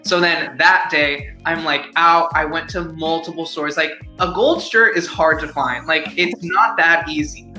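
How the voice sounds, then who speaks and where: A man's voice: on the high side, a little slow, few pauses, pushed and bright. A young man, an actor as interview guest, telling a story in a casual, rambling way with lots of fillers. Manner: rambling, filler-heavy "like", upbeat. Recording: echoey room with faint music.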